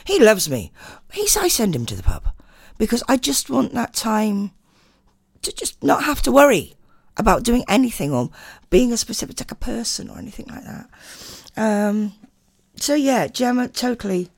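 An older woman hosting a radio show, chatting casually and reading listener messages, her voice a bit hoarse from a chest infection. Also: moderate pace, no room sound, studio quality. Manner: chatty and animated, swooping pitch. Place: radio studio.

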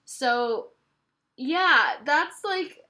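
A young woman chats on a casual book podcast, still teary and leaning on lots of "like"s. Her voice sits very high and sounds crisp and bright. She talks the way you would to a close friend. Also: lively intonation, very slow. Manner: chatty, many "like"s. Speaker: podcast co-host.

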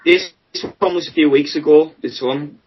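A man's voice: on the high side, moderate pace, slightly rough, muffled recording. A teenage boy around fifteen, casually telling a rambling story to friends on a podcast. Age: teenager, about fifteen. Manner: rambling, storytelling, laughs at himself. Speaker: podcast co-host telling stories. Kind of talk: casual chat among friends.

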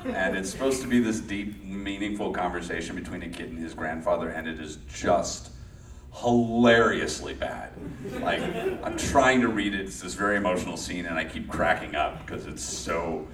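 A man's voice: low-pitched, normal speed, fairly bright tone, reverberant, distant mic. A man from Los Angeles telling a story to a live audience, often restarting sentences and laughing. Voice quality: rambling, self-interrupting, laughs often. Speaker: guest, former child actor.

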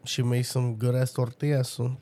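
A man's voice: medium pitch, little pitch movement, moderate pace, mellow. Profane young man telling stories. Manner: profane, laughing storyteller. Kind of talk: casual chat.

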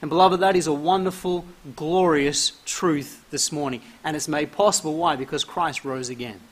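Male preacher, high-pitched, emphatic sermon delivery, reads verses aloud. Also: normal speed. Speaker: pastor.

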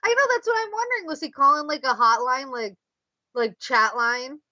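Bright, giggly woman in casual chat. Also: sits high, normal speed, no room sound, muffled recording. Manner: giggly storyteller, chatty with filler words. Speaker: podcast co-host.

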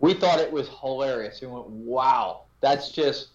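A man's voice: medium pitch, moderate pace. Echoey lo-fi man telling ghost stories. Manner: animated storyteller who laughs at his own tale. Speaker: paranormal investigator guest. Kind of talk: casual podcast conversation. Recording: echoey, dull lo-fi remote audio.

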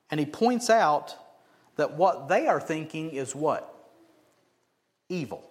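A man preaching a sermon as pastor, animated and often asking the congregation questions. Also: high voice. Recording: echoey hall.

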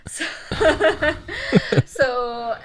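A young woman co-hosting a podcast, chatting and giggling as she retells a ghost story, dropping to hushed tones and then getting loud. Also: high-pitched, extremely slow, poor audio. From Canada. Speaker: podcast co-host. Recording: unboosted mic with background chatter.

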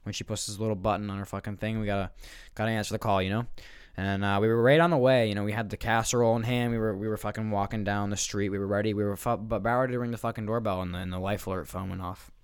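Young man, lower pitch, profane rambling rant. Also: steady tone, rapid-fire, smooth, no echo, studio quality. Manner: profane, rambling, restarts often. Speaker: podcast host. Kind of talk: comedic rant.

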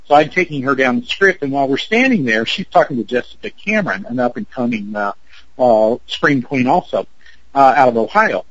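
A man's voice: mid-range voice, expressive, fairly quick, a bit bright, no room sound, dull audio. A man in his fifties, an actor and producer, telling a story in an interview in a chatty way, with lots of fillers and acted-out quotes. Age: 50s. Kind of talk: anecdote in an interview.

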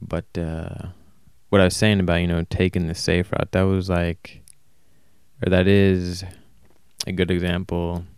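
A man talking alone in a casual, rambling monologue, flat and self-described as monotone, often stopping to correct himself. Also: sits low, measured pace, clear, resonant tone, dry recording, studio quality. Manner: casual, swears. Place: warm indoor room.

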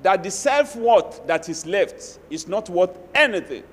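Nigerian pastor preaching in a reverberant hall. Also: male voice, high voice, measured pace. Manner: animated preaching with Yoruba asides and acted quotes. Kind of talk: sermon.

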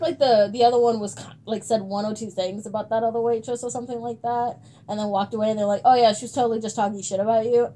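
A woman's voice: a little high, warm tone. A young woman in casual chat, rambling through stories, acting out quotes and swearing freely.

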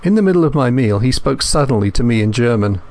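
A man reading a first-person thriller as an audiobook narrator, in a measured, steady manner. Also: medium pitch.

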